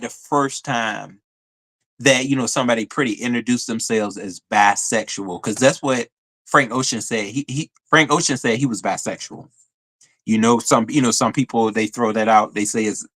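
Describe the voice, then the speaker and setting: A man hosting a live stream, telling a story in a chatty, animated way and answering viewer comments. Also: medium pitch. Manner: animated storytelling, addresses viewers as y'all, frequent fillers. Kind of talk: casual live stream chat reading comments.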